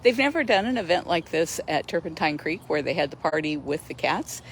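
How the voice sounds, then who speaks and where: A woman's voice: deep voice, big pitch swings, a little fast, a little hiss or hum. Chatty woman hosting an outdoor livestream. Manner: chatty and enthusiastic, laughs often. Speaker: host of a sanctuary livestream. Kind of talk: casual live-stream chat.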